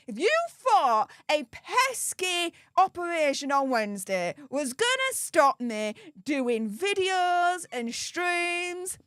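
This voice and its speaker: A woman's voice: high-pitched, fairly bright tone, no room sound, clean studio sound. A young woman with a Yorkshire accent, chatting upbeat on a live stream and thanking supporters by name. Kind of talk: casual live-stream chat.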